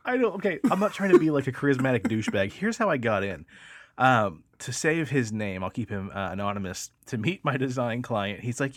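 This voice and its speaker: A man hosting a casual podcast, telling a story with lively acted-out quotes. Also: mid-range voice, a little fast, dry recording. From El Dorado. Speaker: podcast host. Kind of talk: casual chat.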